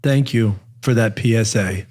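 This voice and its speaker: A man's voice: lowish voice, a little slow, a little mellow. A man co-hosting a talk show, throwing in teasing quips. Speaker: podcast co-host. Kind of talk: casual chat.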